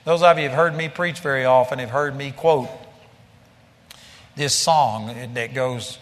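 A male preacher delivering a blunt, forceful sermon. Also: medium pitch, normal speed, big-room sound.

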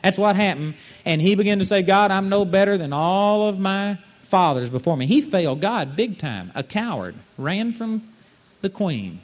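Male preacher, high and very lively voice, storytelling sermon, dull old recording. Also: normal speed. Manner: animated preaching, acting out quoted voices.

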